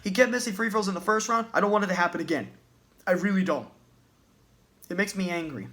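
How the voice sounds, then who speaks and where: A man's voice: high voice, fast, sharp tone. A man ranting as a basketball fan in a vlog, agitated, profane and repeating himself. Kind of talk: sports rant vlog.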